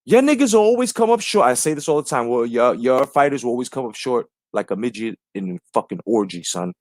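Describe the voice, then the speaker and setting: A man's voice: medium pitch, animated, fast talker, darkish tone, no echo, clean studio sound. A man hosting a live stream, ranting brashly and profanely while greeting viewers in the chat.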